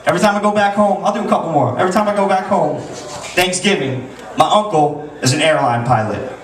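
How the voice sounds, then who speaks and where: A man's voice: sits high, fairly quick, far from the mic. A man doing a crude stand-up set in a comedy club, rambling with restarts. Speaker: stand-up comic. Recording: echoey club recorded from afar.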